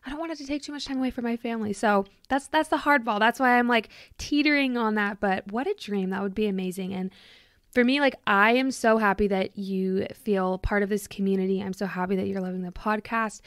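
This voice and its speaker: Speaking quickly in a mid-range voice, this podcast host, a woman in her late twenties, delivers a relaxed, reflective monologue into a nearby microphone. There's no room sound. Her manner is warm and talkative, sprinkled with "like" and effusive gratitude.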